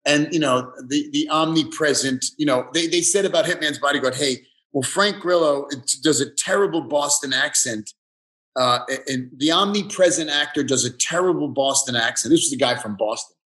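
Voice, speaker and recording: A man, chatting as a guest in an interview, halting and easygoing. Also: fairly high pitch, a bit bright. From the Bronx, New York. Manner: halting, restarts often, easygoing. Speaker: guest actor. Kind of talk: casual interview chat.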